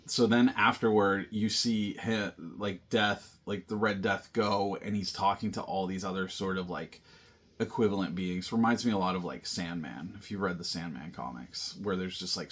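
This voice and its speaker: A man's voice: low voice, fairly bright tone, husky. A man casually recapping and reviewing a film, rambling with lots of fillers and restarts. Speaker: movie review host.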